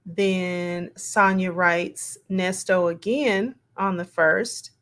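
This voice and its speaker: A woman's voice: fairly low pitch, fairly even intonation, a bit bright. A woman reading text messages aloud and commenting on them in a casual, musing way. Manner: slow, musing, reads quotes aloud with asides.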